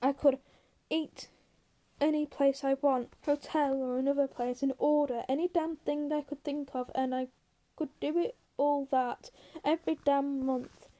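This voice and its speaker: A woman voicing a short-tempered male ranch worker who scolds his companion in a gruff way. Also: sits high, fairly even intonation, a little slow, mellow. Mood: furious.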